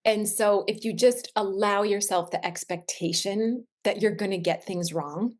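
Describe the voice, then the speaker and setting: A woman in her thirties, a wellness expert, talking earnestly and reflectively in a heartfelt conversation, slowing down on the phrases she stresses. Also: medium pitch, a little mellow.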